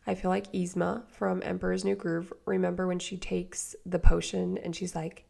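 A woman with a hoarse voice from a cold, hosting a podcast as a life coach and chatting straight to her listeners. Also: on the low side, flat delivery, normal speed, hardly any pauses, warm tone. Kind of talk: casual solo podcast talk.

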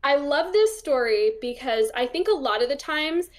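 A woman's voice: high-pitched, expressive, moderate pace. A young woman talking as an interview guest, chatty and casual, with lots of fillers as she acts out the voices in her stories. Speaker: interview guest, psychic medium.

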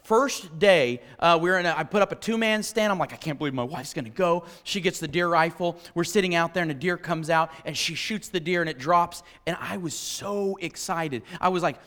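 A man, a pastor, preaching alongside his wife and telling animated stories that act out his own reactions. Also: fairly high pitch, fairly quick, few pauses, long reverb tail. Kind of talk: sermon shared with his wife.

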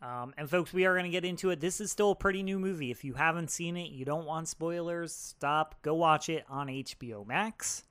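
A man's voice: fairly high pitch, brisk, few pauses, a bit bright, smooth. A man co-hosting a podcast, talking casually about a film and speaking directly to listeners. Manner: upbeat, addresses listeners directly. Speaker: podcast co-host. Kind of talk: casual film review chat.

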